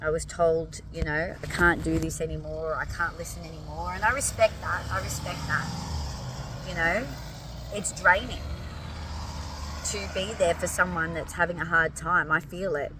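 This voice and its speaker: A woman, hoarse and tired, talking earnestly and emotionally to her followers and swearing casually. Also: deep voice, flat delivery, moderate pace, recorded from a distance, background noise. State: hoarse, fatigued. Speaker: vlogger addressing followers. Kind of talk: emotional direct-to-camera talk.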